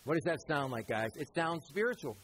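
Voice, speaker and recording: A man preaching a conversational sermon, asking the congregation questions and acting out voices in quick asides. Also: a little high, expressive, fairly bright tone, a little hiss or hum, rough recording. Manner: acts out voices in quotes. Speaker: pastor.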